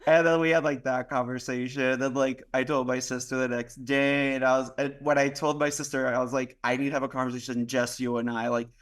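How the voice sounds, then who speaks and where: Talking a little fast with hardly any pauses, a young Miami man on a podcast tells a personal story in his medium-pitched, slightly bright voice with little pitch movement. He rambles casually, says "like" constantly, acts out dialogue and swears now and then, captured by a podcast mic.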